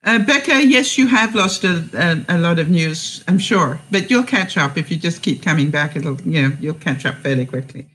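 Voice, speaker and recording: A woman vlogger chats through a live stream, reading viewers' comments aloud and answering with warm encouragement. Her talk wanders, full of ums and restarted phrases, as she gives advice off the cuff. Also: lowish voice, animated, moderate pace, hardly any pauses, low-quality recording. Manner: rambling with many fillers and restarts. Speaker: vlogger and host.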